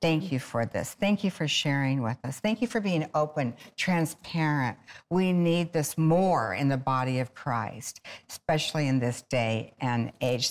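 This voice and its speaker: Woman, low pitch, Christian talk show host, gushing, repetitive, reads passages aloud.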